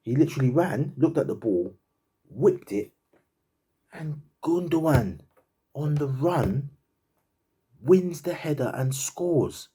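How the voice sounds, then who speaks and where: A man's voice: fairly high pitch, lively intonation, takes it slowly, pauses often, warm tone, breathy edge. A man giving a fan's reaction to a football match, laughing and disbelieving, repeating himself in slangy chat. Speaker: football fan commentator. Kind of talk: animated fan reaction rant.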